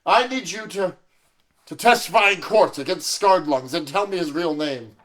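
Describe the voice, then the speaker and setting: A man's voice: high-pitched, lively intonation, normal speed, a bit bright. A man improvising an earnest undercover cop who stammers and hesitates, in an audio comedy. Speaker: improv performer.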